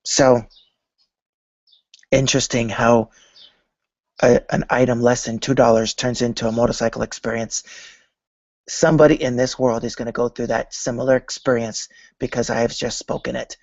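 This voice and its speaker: A man's voice: mid-range voice, steady tone, moderate pace, gravelly, pauses often, darkish tone, no echo. A man talks about manifesting in a storytelling way, often slipping into imagined back-and-forth conversations. His voice sits in a middling register. The recording is dry and a little dull, with no room sound. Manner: storytelling, acting out imagined dialogues. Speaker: spiritual vlogger. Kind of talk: motivational talk on manifesting.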